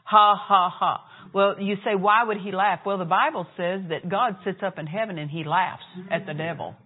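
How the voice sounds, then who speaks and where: A woman preaching a sermon, her voice sitting at a middle pitch. She acts out laughs and quoted dialogue as she tells her story. The sound is thin and narrow, like a phone line. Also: normal speed, a little hiss or hum.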